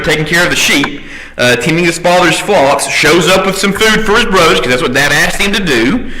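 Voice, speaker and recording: A man teaches Sunday school in a church classroom, his voice sharp and forceful and sitting a bit high. He keeps checking in with the class. When he reads scripture he drops into a slow, careful pace. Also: a little hiss or hum, poor audio. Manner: checks in with the class by asking "right?"; reads scripture aloud slowly. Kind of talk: conversational Bible class teaching.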